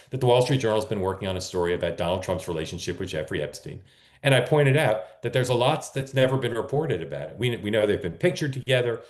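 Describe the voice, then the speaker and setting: Male talk host, very low voice, rambling and self-correcting, roomy echo. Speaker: political talk show host. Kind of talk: casual live-stream talk.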